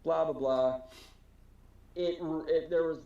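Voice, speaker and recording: A man's voice: a little high, steady tone, slow, warm tone. A man from Wisconsin telling a rambling story in a casual podcast chat, swearing freely and acting out the people he quotes. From Wisconsin, USA. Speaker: podcast co-host. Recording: roomy, slightly dull home recording.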